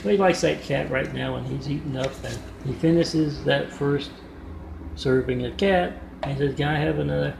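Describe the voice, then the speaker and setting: Speaking at a normal pace with vocal fry and a medium pitch, this man rambles through a story in a casual vlog filmed on his phone's front camera. He throws in wry asides and plenty of fillers, and the room sounds echoey and noisy.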